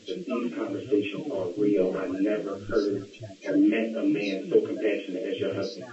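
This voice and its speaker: A man's voice: on the low side, level tone, normal speed. A man in his twenties calling in to a podcast, earnest and gushing, thanking the hosts again and again. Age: 20s. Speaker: caller. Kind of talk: call-in on a podcast. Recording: distant, muffled, echoey call with crowd noise.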